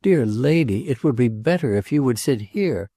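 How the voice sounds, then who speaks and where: A man's voice: medium pitch, moderate pace, no room sound, studio quality. A man playing a jealous, agitated prince. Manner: excited, pleading, repeats himself. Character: jealous agitated nobleman, tormented.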